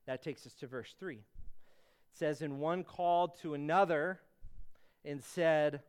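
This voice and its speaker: Male preacher, clear ringing tenor-ish voice, earnest conversational sermon with emphatic peaks. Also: a little high, measured pace. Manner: earnest teaching, rising to emphatic bursts on key words; frequent fillers and restarts, conversational asides.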